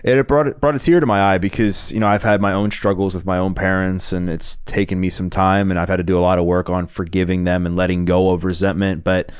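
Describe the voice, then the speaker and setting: A male podcast host with a deep, low voice that sounds smooth and clear. He is recorded dry and close, and speaks earnestly in casual chat, with lots of "like" fillers. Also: monotone, fairly quick, few pauses, dry recording.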